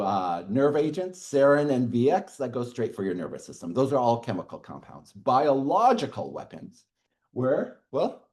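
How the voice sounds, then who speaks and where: A middle-aged man lectures a university class, his pitch swinging widely as he explains. He chuckles at his own asides and keeps checking in with the room. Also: normal speed. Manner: lively, chuckles often, checks in with "okay".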